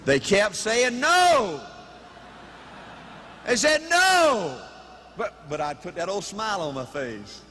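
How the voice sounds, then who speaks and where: A man giving a live motivational speech in an animated, folksy way, with punchy repetition and shouting. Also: high voice, slow pace, long pauses. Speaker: motivational speaker. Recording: reverberant hall, faint noise.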